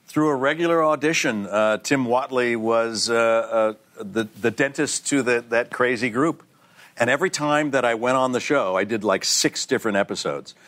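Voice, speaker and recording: Older man telling animated stories. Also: mid-range voice, normal speed. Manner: animated storyteller, acts out other people's voices. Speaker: guest actor. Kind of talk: casual anecdotal chat. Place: TV talk show studio.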